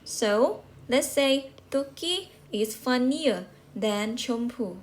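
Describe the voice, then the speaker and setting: Slow, patient woman teaching English. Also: fairly high pitch, expressive, a little hiss or hum. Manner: patient, repeats and checks with rhetorical questions. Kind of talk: slow classroom explanation.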